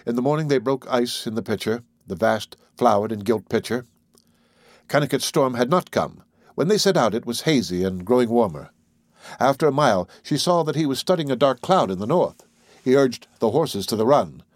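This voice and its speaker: A man narrating an audiobook in a measured, unhurried way. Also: mid-range voice, lively intonation, no echo, studio quality.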